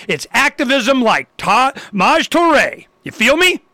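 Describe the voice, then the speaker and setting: A man hosting a talk show, delivering a rambling, fired-up rant with sudden loud, emphatic bursts. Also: very high-pitched, very animated, moderate pace, few pauses, no room sound. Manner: loose and rambling, with restarts. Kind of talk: ranting talk show monologue.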